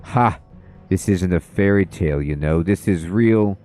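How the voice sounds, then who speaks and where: A man's voice: low voice, a little slow, a little mellow, faint music behind. A man voicing a haughty, rude princess who talks in a snooty, curt way, in a video game.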